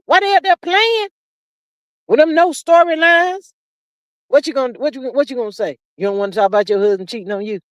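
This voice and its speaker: A woman's voice: a little high, no echo, clean studio sound. A woman hosting a casual livestream, chatting and gossiping in a sassy drawl, reading viewer comments aloud and calling everyone "child" and "honey.". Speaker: livestream host. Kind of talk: casual gossip chat with live chat readers.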